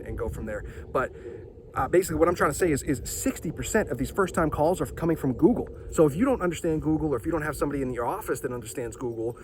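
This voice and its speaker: A man running a marketing agency gives a casual sales pitch while walking up a hill outdoors, talking chattily and checking in with the listener. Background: wind and passing traffic.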